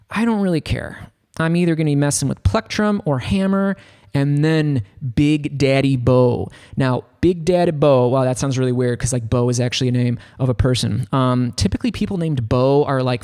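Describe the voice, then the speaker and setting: A man giving a casual, rambling tutorial on a software synth, talking loosely with lots of filler words. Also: medium pitch. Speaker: music production tutor. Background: faint synth keyboard notes.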